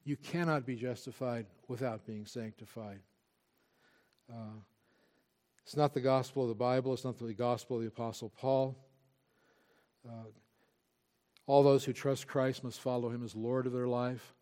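A man's voice: medium pitch, fairly even intonation, normal speed, long pauses, mellow. A male pastor preaching a sermon, earnest and emphatic, with frequent restarts.

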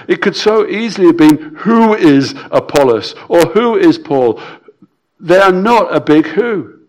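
A man preaching a sermon, emphatic and repetitive, swinging between loud stresses and quiet drops, with some stammered restarts. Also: high-pitched.

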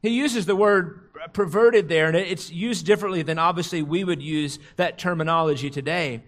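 A middle-aged male pastor delivering a sermon in a somewhat high voice. He talks earnestly, eases into slow, hushed tones for quoted prayer and scripture, then climbs in pitch and loudness to drive a point home. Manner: rises in pitch and volume when stressing a point.

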